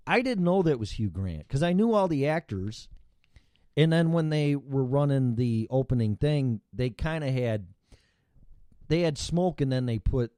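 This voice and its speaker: A man's voice: mid-range voice, warm tone, no echo. A man hosting a casual chat show, rambling and swearing freely, with frequent restarts. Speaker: show host.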